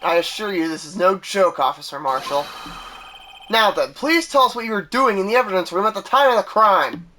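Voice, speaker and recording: A man voicing a confident young male defense lawyer in a measured reading over game music. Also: sits high, bright, forceful tone, slight background noise.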